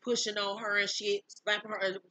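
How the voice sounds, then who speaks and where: A woman host recapping events in a blunt, candid way, cursing freely as she talks. Her voice is bright and forward, with a dry close sound and no room around it. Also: medium pitch, level tone, brisk, no echo, rough recording. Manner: blunt, candid, profane storytelling. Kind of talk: casual recap of a reality show.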